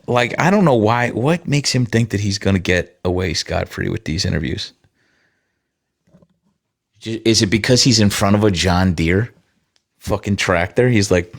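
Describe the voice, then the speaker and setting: Deep-voiced sarcastic man on a livestream. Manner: sarcastic, profane banter with viewers. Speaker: livestream host. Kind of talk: casual livestream chat.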